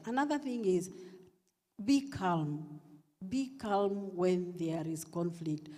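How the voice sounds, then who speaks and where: A woman's voice: lowish voice, warm tone. A woman counselor giving parenting advice at a church event, stressing and repeating her key points. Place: church hall. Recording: long reverb of a large hall.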